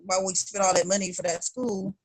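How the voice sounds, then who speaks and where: A woman's voice: medium pitch, a little fast, a little hiss or hum. A middle-aged woman from Chicago, a singer chatting as an interview guest and acting out her family's lines with animation. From Chicago, United States. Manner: animated, acts out quoted voices of family. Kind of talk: casual interview chat.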